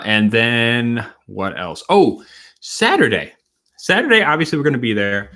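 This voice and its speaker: A man from Wisconsin hosting a casual late-night livestream, a bit tipsy, rambling and halting as he talks. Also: fairly low pitch, pushed and bright. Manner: rambling, halting, with many fillers and restarts. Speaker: host.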